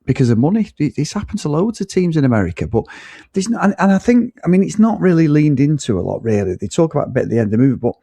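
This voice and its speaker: A man with a mellow, husky voice and animated pitch, ranting bluntly and swearing in casual podcast chat. The sound is dry and close. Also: very fast, dry recording. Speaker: podcast co-host. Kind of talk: casual film review chat.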